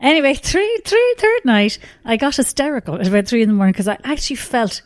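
A woman, a comedian guest, telling a lively anecdote with frequent laughs and a habit of dropping to a whisper when she quotes people. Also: high-pitched, quick pace, no echo, clean studio sound. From Ireland. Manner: lively storyteller, laughs often, swears, drops to whispers when quoting people. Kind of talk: anecdotal storytelling.

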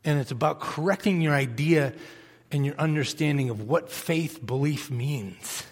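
A man's voice: fairly high pitch, moderate pace, long reverb tail. A man preaching a sermon, passionate and emphatic, saying he is fired up rather than angry.

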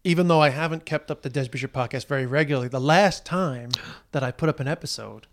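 Podcast host, man, slightly higher voice, loose chatty delivery. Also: quick pace. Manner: loose and rambling, lots of fillers. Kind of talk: casual podcast chat.

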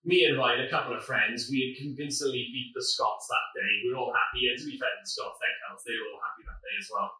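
A man, a podcast guest in a pub, telling a story in a fast, animated and profane way, often laughing. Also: mid-range voice, recorded from a distance, slight background noise. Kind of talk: casual storytelling. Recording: echoey room, voice from afar.

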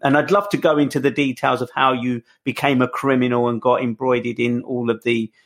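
A man's voice: medium pitch, level tone, a little fast. A man hosting an interview who asks long, winding questions, often stumbling and restarting his phrases. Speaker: interviewer, host.

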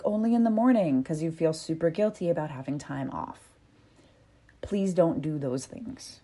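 Candid woman podcast host, mellow voice. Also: low-pitched. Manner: candid, animated, swears casually, acts out panicked inner voices. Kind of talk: solo podcast monologue.

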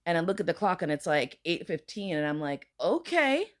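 Casting: woman, lower register, lively raconteur who swears and acts out everyone's lines. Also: brisk. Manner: animated, acts out voices in quotes, swears freely. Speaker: podcast guest. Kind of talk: casual storytelling chat.

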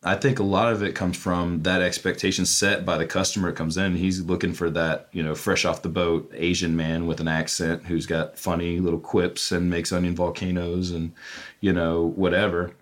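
A man's voice: low voice, level tone, moderate pace. A man from South Carolina, a former hibachi chef telling candid stories in an interview, casual and self-deprecating with lots of fillers.

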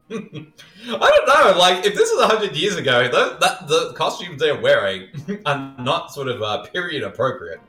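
A man's voice: a little high, wildly swooping pitch, a little slow, sharp tone, echoey room, faint music behind. A man co-hosting a casual movie-riffing podcast, joking and laughing often. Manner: giggly, joking. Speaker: podcast co-host.

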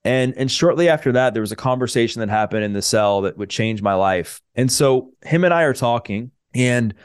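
A man's voice: medium pitch, lively intonation, fairly quick, clear, resonant tone, no room sound, clean studio sound. A man, a personal trainer, telling his life story as a podcast guest, earnest and full of fillers like "um" and "like". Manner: earnest, many fillers and restarts.

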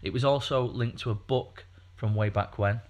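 Rambling man, low voice. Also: normal speed, dull audio. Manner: rambling, chatty, many fillers and restarts. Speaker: podcast co-host. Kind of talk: casual podcast chat.

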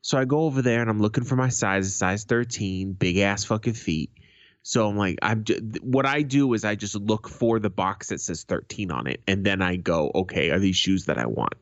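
A man's voice: lowish voice, moderate pace, dry recording. A man co-hosting a podcast, telling a rambling story in casual, heavily profane chat. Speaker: podcast co-host. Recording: dull lo-fi sound.

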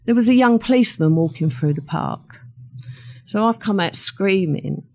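Older woman, interview guest, vivid storyteller who voices the people she quotes, mid pitch. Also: animated, moderate pace, darkish tone. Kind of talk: recounting a true crime story.

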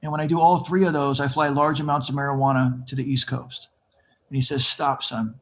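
A man's voice: medium pitch, flat delivery, quick pace, a little hiss or hum. A man in his fifties telling his recovery story as an interview guest, acting out the voices of people he quotes.

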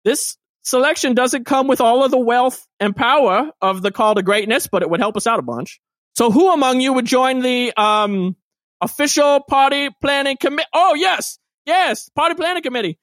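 A man's voice: very high voice, animated, moderate pace, a bit bright, dry recording, voice pushed up. A man doing a boisterous showy town mayor. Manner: boisterous, grandstanding.

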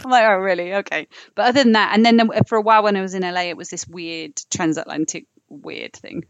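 A woman's voice: mid-range voice, fairly even intonation, fast, dry recording, muffled recording. A woman guest with a British accent, chatting animatedly on a podcast, rambling a little and laughing easily. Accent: British, shifting toward whoever she talks to. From England. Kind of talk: casual chat.

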